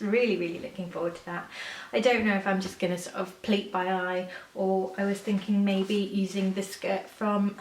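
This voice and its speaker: A chatty woman vlogging about sewing, full of fillers and self-corrections that break into eager gushing. Her voice sits at a middle pitch and sounds roomy, picked up by a camera mic set back from her at home. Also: far from the mic, slight background noise. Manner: gushing excitement when showing things. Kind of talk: casual chat to camera. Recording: echoey room, a bit off-mic.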